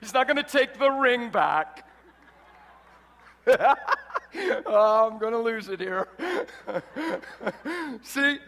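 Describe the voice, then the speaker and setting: A man's voice: very high voice, pushed and bright. A man preaching a sermon in a large hall, exuberant and emphatic, often breaking into laughter. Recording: reverberant hall.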